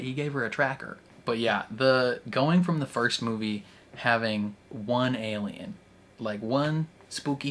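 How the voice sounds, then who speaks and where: A man's voice: mid-range voice, a bit bright, slight background noise. A young man chatting casually about a movie he just watched, rambling with lots of fillers and frequent laughter. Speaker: movie reaction youtuber. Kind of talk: casual movie review chat.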